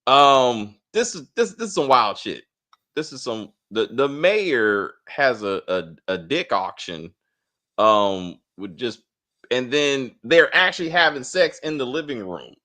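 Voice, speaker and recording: Male host for a casual show recap; animated, crude, mimics characters. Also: mid-range voice, slow pace. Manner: animated, swearing, acts out characters' lines. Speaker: podcast host. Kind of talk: casual TV review chat.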